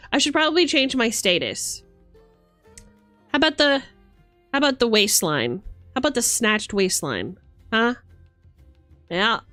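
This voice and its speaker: A woman's voice: on the high side, a bit bright, dry recording. A woman live-streaming in a bard persona, chatting playfully and teasing her viewers. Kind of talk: casual live-stream chat.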